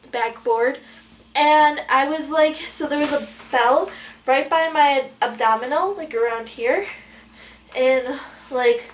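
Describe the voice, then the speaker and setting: A young woman vlogger telling a story in an animated way, full of fillers and dramatic quoted outbursts. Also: sits high, takes it slowly, slight background noise. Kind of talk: storytelling vlog.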